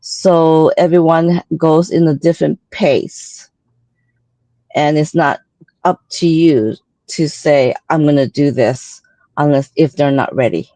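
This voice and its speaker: Unhurried woman panelist, lowish voice, measured cautionary tone. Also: mellow, no room sound. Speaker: guest panelist. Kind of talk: casual livestream chat.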